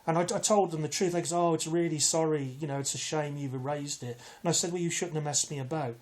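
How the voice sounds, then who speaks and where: A man's voice: fairly high pitch, quick pace. A man, telling an aggrieved personal story in a rambling way, full of restarts and asides. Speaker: vlogger. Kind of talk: casual storytelling to camera.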